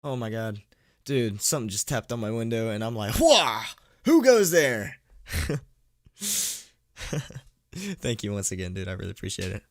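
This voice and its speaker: Low-voiced man fumbling through a live reading. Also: fairly even intonation, fast, no echo, clean studio sound. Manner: stumbling, self-mocking, laughing at his own slips; chatty, thanks donors between passages. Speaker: horror story narrator and streamer. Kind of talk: live-streamed story reading. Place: at home.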